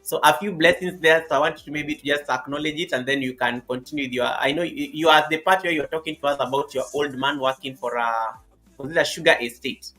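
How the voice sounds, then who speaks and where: A man with a bright, slightly high voice hosts a live stream interview, greeting viewers one by one. He repeats phrases as he fills the time. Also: steady tone, fast, soft background music, poor audio.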